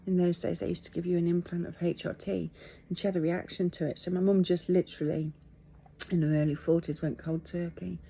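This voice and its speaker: Weary, husky middle-aged Englishwoman. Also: on the low side, flat delivery, dark tone. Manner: candid, halting and reflective, with restarts. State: tired and teary. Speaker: vlogger. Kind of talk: personal video diary.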